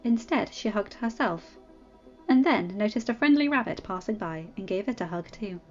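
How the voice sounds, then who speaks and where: A woman reading fanfiction aloud as a narrator, with expressive storytelling. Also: medium pitch, moderate pace, highs cut off, soft background music. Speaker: audiobook reader.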